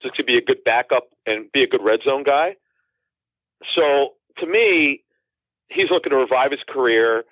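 Over a tinny, dry phone connection with no echo, a forties-aged man who knows football from the inside tells rambling stories as a call-in guest. His mid-range voice moves at a moderate pace, and he keeps restarting and drifting into asides during the casual interview.

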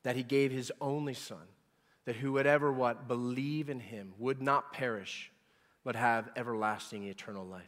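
Pastor, 40s, male, mid-pitched, emphatic preaching style, long reverberant hall sound. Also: steady tone, moderate pace. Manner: emphatic preacher, repeating words and swelling loud on key points. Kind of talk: sermon.

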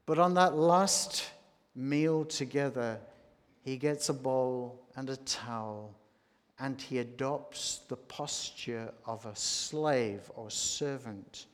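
A man preaching a sermon, slow and deliberate, rising to emphatic points. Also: medium pitch. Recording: long hall reverb.

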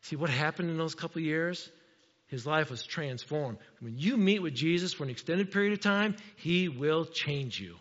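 Animated preaching man in a reverberant church. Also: on the high side. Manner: animated preaching, acts out Bible characters in quick asides. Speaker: pastor. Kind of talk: sermon. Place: church sanctuary. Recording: dull sound with long hall reverb.

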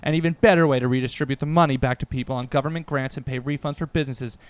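A man's voice: medium pitch, fairly even intonation, racing, few pauses, clean tone, dry recording. A man co-hosting a casual podcast, reading a chain message aloud in a mock-dramatic way and bossing his co-host.

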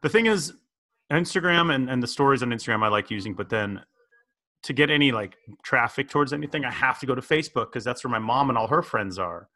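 A man's voice: mid-range voice, expressive, fast talker, bright, forceful tone. A middle-aged man hosting a casual comedic news podcast, playful and prone to slipping into exaggerated impressions. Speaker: podcast host.

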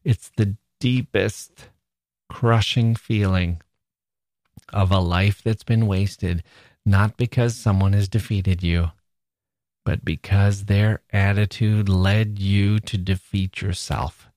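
A man's voice: fairly low pitch, steady tone, slow, a little mellow, dry recording, studio quality. A man hosting a literature podcast, talking through a play with earnest emphasis and a lot of repetition. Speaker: podcast host.

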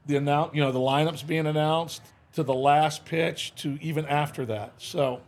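A man's voice: a little high, steady tone, normal speed. An older man, a former baseball manager, telling stories as a podcast guest in a casual, folksy way, acting out the quotes he tells. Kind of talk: casual interview storytelling. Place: podcast studio.

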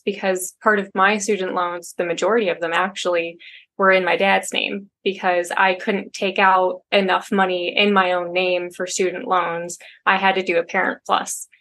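A woman's voice: fairly low pitch, fairly bright tone. Conversational woman podcast guest. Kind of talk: casual chat.

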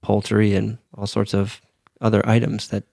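A man's voice: lowish voice, monotone, moderate pace, gravelly, darkish tone, no echo, clean studio sound. A man co-hosting a podcast, talking in a laid-back, self-deprecating way in casual chat. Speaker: podcast co-host.

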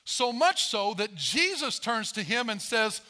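A man preaching a sermon as pastor, animated, acting out Bible voices as he tells the story. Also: sits high, unhurried.

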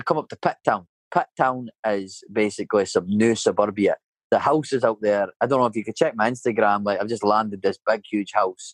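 A man's voice: on the low side, dry recording, poor audio. A Scottish man in his thirties, a painter and decorator, telling a rambling story in casual chat and filling it with "mate" and "you know". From Scotland.

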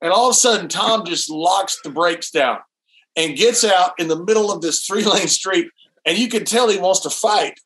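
High-voiced laughing man telling tales. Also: moderate pace, a bit bright. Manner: laughing storyteller who mimics others. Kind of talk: casual remote chat.

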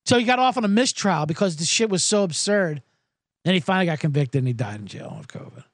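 Animated, high-voiced sarcastic male host. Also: fast talker, no room sound, studio quality. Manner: profane, sarcastic, acts out quoted voices. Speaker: podcast host. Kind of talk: comedic storytelling rant.

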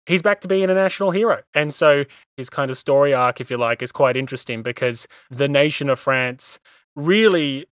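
A man hosting a history podcast, explaining things in a measured way with small stumbles. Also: medium pitch, a bit bright, dry recording. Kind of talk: casual history discussion.

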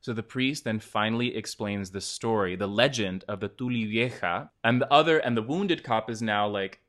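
Bright-toned male co-host, animated storyteller, casual film recap chat. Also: on the low side, moderate pace. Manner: animated storyteller, laughs often. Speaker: podcast co-host.

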